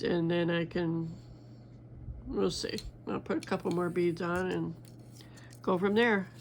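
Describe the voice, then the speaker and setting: A woman's voice: on the low side, vocal fry, darkish tone, slight background noise. An older woman chatting casually while she makes a bracelet, rambling with many fillers and restarts. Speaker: crafting vlogger. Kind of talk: casual chat while beading.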